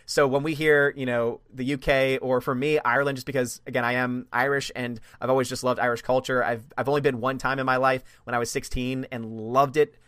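A man's voice: mid-range voice, flat delivery, a little fast, hardly any pauses, a bit bright, smooth, no echo, studio quality. A man hosting a livestream chat, enthusiastic and laughing often, repeating words as he talks. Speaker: host of a livestream. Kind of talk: casual chat.

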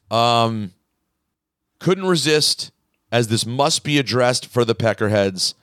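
A man's voice: mid-range voice, animated, slow, a bit bright, no room sound, studio quality. A man hosting a podcast in casual chat, animatedly reading listener emails aloud. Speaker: podcast host.

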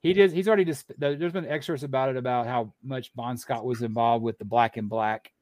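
A man's voice: mid-range voice, fairly even intonation, a little fast, darkish tone, no room sound. A man co-hosting a podcast, chatting casually and rambling through stories with many fillers and restarts. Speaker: podcast co-host. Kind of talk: casual chat.

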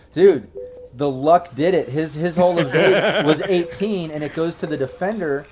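A man's voice: on the high side, a little slow, darkish tone, slight background noise. A man narrating as game master, rambling along with many fillers and restarts.

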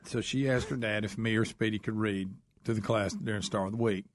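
Male co-host, rapid storyteller, dry studio. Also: on the low side, fairly even intonation, no room sound. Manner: quick storytelling. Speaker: radio show co-host. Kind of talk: casual radio banter.

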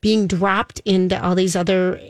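A woman's voice: mid-range voice, flat delivery, normal speed, a little mellow, no echo. Gushing woman co-host, dry sound. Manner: enthusiastic, gushing, many fillers. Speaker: show co-host. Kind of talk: casual chat about TV shows.

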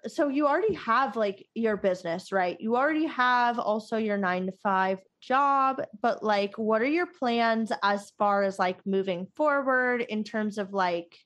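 A woman's voice: medium pitch, fairly bright tone, highs cut off. A young woman hosting a casual podcast chat, rambling with lots of fillers and frequent laughter. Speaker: podcast host.

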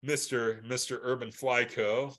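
A man co-hosting a casual podcast, with a bright, forceful voice that stays at an ordinary pitch. He talks loosely and profanely, laughs often and stumbles over his restarts. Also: flat delivery, unhurried. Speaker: podcast co-host. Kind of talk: casual chat.

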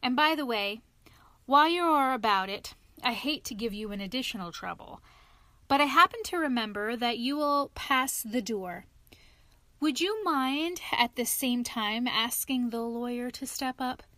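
A woman's voice: on the high side, lively intonation, measured pace, bright, forceful tone, dry recording, voice pushed up. Toad: a woman playing a languid, self-pitying male toad. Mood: feeble, martyred. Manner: languid, feeble, sighing, dramatic. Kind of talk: storybook reading.

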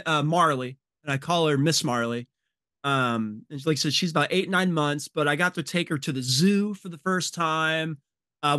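A man's voice: fairly high pitch, pushed and bright, no echo, studio quality. A man in his forties, a podcast guest, chatting in a laid-back way and often saying man and dude. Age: 40s. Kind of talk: casual chat.

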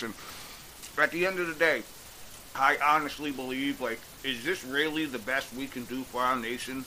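A man's voice: medium pitch, moderate pace, sharp tone, a little hiss or hum, rough recording. A man delivering a blunt, exasperated opinion rant on a vlog, swearing freely as he goes. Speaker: political commentator.

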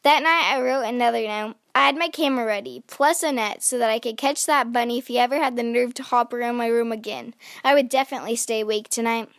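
A woman's voice: fairly high pitch, quick pace, dry recording, clean studio sound. A woman hosting a read-aloud, narrating a children's picture book expressively. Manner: bright, expressive storytelling. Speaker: host reading children's books.

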